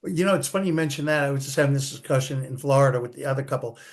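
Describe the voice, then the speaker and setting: A man's voice: mid-range voice, rapid-fire. A man in his sixties, a podcast guest, telling stories in an easygoing way and laughing often. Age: 60s. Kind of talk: casual podcast chat.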